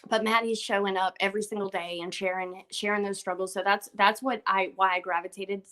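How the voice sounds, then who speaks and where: A woman's voice: medium pitch, steady tone, brisk, a bit bright. A young adult woman speaking as a guest, giving an earnest, emotional tribute and often repeating her words.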